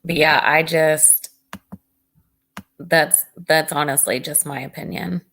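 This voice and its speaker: A woman hosts a casual livestream with a fairly low voice. She talks earnestly and reads out comments from her viewers as she goes. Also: steady tone, takes it slowly, a bit bright. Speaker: livestream host.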